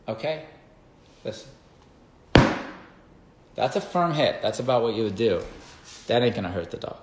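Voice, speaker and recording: A man's voice: mid-range voice, expressive, normal speed, heavy background noise. A man who works as a dog trainer, explaining in a casual, emphatic way and often checking in with "okay?" and "right?". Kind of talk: casual instructional talk. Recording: echoey room.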